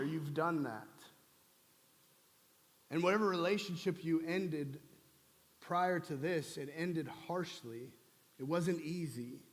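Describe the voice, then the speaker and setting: Male pastor, conversational humorous sermon, slightly high voice, reverberant sanctuary. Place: church sanctuary. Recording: long church hall reverb.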